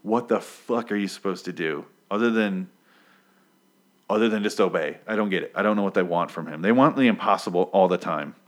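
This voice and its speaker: A man giving a casual, profane recap, rambling excitedly, interrupting himself and swearing freely. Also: low voice, brisk. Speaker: comic book recap host.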